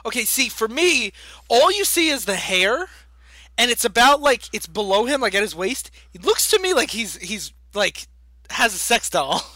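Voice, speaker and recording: A woman's voice: a little high, big pitch swings, moderate pace, pushed and bright, dry recording. A woman co-hosting a casual podcast about comics, asking questions and making wry asides. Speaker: podcast co-host. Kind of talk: casual comic-book discussion.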